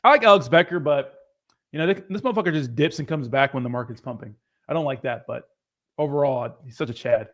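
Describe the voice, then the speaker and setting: A man's voice: medium pitch, fast. A young man hosting a crypto livestream who reads out viewer comments in casual, rambling, profane chat.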